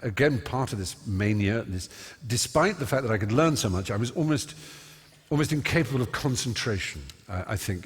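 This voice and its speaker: A man's voice: lowish voice, a bit bright, breathy edge. A man, an on-stage interview guest telling stories eloquently and self-mockingly, with many fillers. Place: large concert hall stage. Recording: long reverb of a large hall.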